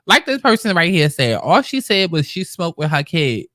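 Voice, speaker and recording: New york guy doing commentary, swears a lot, pitch all over, dead dry sound. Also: brisk, dry recording. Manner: blunt, animated, swears freely. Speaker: commentary host. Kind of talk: casual commentary chat.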